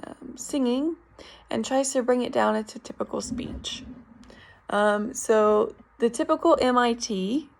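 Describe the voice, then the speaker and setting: Gravelly young woman presenting an assignment. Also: fairly high pitch. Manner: informal, frequent ums, explanatory. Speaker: speech therapy student. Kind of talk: recorded class presentation.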